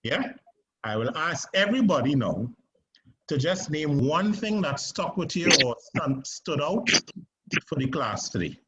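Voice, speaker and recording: A man's voice: fairly high pitch, sing-song, measured pace, fairly bright tone. A man teaching a stage acting class, coaching his students and checking in with "right?" as he explains. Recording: muffled classroom recording with background noise.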